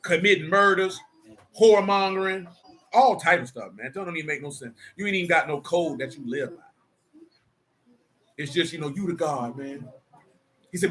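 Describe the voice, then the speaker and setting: Preaching man with a bright voice. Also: on the high side, moderate pace, long pauses. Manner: conversational, streetwise preaching with rhetorical questions. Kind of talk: sermon mixed with casual asides.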